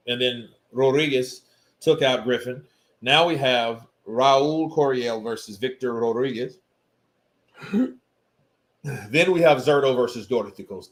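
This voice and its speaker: A man hosting a casual boxing livestream, loose and joking, who laughs often and swears freely. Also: mid-range voice. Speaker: live stream host.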